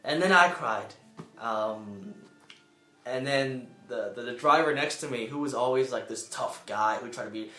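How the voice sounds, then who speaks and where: In a reverberant space with soft music in the background, a young ex-Peace Corps volunteer earnestly and emotionally tells a personal story to camera. He speaks at a moderate pace in a bright, forceful tone, leaping up in pitch to voice the people he quotes.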